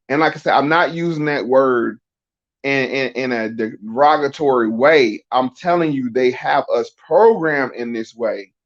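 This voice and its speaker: A middle-aged man talks a little slowly in a medium-pitched voice while guesting on a casual podcast. Emphatic explanations and frequent rhetorical questions mark his speech, captured in dull, lo-fi sound.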